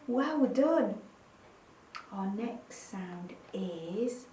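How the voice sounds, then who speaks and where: A woman teacher with an East Midlands English accent gives a phonics lesson to young children. She talks slowly in a sing-song, encouraging way and acts out each sound. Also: mid-range voice, animated, noisy background. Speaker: primary school teacher. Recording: echoey room, mic at a distance.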